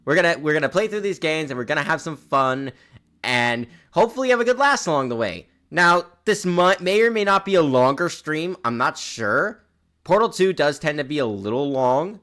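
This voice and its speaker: A man's voice: fairly high pitch, big pitch swings, normal speed, fairly bright tone. A young man streaming a game in casual chat, rambling and restarting his words, with a slightly sore throat. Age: young adult.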